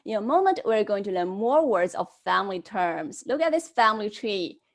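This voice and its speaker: A woman teaching an online Chinese class, modelling words slowly and prompting students to repeat them after her. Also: medium pitch, sing-song.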